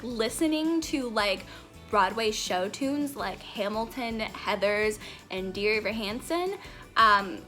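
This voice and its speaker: Slightly high and a bit bright, a twenty-something woman vlogs a get-to-know-me video straight to camera, recorded on the camera mic, giggling and bubbling as she rambles from one subject to the next.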